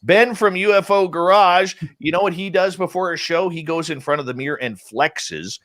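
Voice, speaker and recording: Man, radio show host, slightly high voice, playful teasing roll call, casual chat. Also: moderate pace, fairly bright tone. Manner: jokey, upbeat, rambling roll call with teasing nicknames. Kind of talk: casual live-stream chat, greeting chat room. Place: home studio in central British Columbia.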